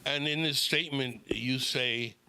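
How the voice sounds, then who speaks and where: A man speaks haltingly at a council meeting and trips over his phrasing. His voice is mid-pitched and bright. A faint noise sits behind him. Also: poor audio. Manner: hesitant, stumbling, apologetic. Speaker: public commenter.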